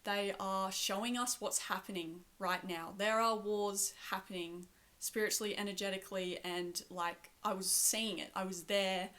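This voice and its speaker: Woman, earnest, breathless storytelling, lots of fillers, mid pitch. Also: fairly even intonation, moderate pace, a bit bright. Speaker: spiritual channel. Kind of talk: recounting a vision.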